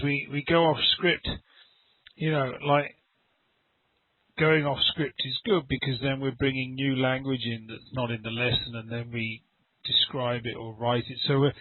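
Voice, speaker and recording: A man's voice: mid-range voice, no echo. Man over a tinny call. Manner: rambling, repeats words, acts out little dialogues. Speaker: English teacher. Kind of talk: conversational online English lesson. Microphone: video call. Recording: dry, tinny call audio.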